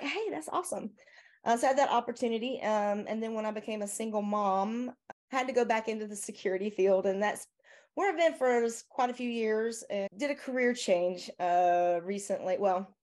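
A woman's voice: medium pitch, a little mellow. Rambling Southern-accented woman. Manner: rambling, many fillers and restarts; laughs often. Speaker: guest, software owner. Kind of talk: casual interview chat.

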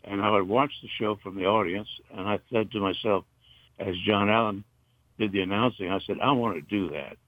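An older man from North Carolina, a retired broadcaster, reminiscing in a halting, rambling way with many fillers. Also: lowish voice, no room sound. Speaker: interview guest, retired broadcaster. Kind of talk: casual reminiscing. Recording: dull, muffled dry recording.

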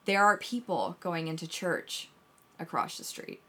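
A woman co-hosting a casual podcast chat, telling a story in an animated way and swearing often. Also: lowish voice, measured pace, slightly rough. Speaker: podcast co-host.

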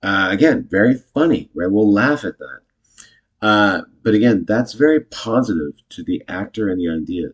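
A man casually teaching improv, chatty and self-correcting, jumping into animated example lines. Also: on the low side, moderate pace, breathy edge, dull audio.

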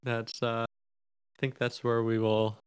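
A man's voice: mid-range voice, completely flat delivery, slow, clear, resonant tone, no echo, studio quality. A man co-hosting a podcast, giving terse, short reactions in casual chat. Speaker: podcast co-host.

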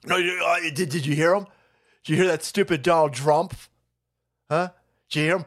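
A man's voice: a little high, brisk, a bit bright. A man hosting a livestream, ranting profanely and mockingly in political commentary. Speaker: livestream host.

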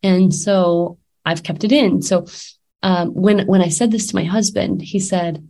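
A woman's voice: lowish voice, steady tone, a little slow, creaky, warm tone. A woman in her thirties, a life coach, talking candidly and casually with many fillers and restarts, a little sick. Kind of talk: casual talk to camera.

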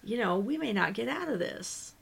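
A woman's voice: on the high side, lively intonation, normal speed, creaky, breathy edge. A woman co-hosting a podcast, casually retelling and discussing a book's plot in a chatty way. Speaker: podcast co-host.

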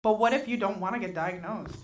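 A woman's voice: mid-range voice, fast talker, recorded from a distance, a little hiss or hum. A woman in her twenties co-hosting a podcast, talking bluntly and swearing freely. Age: 20s. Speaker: podcast co-host. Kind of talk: casual chat.

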